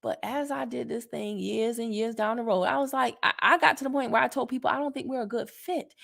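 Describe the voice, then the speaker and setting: This network marketing coach talks casually and directly to the camera, blunt, sassy and colloquial, and she gets worked up easily. Her voice sits a little high and has a gravelly texture.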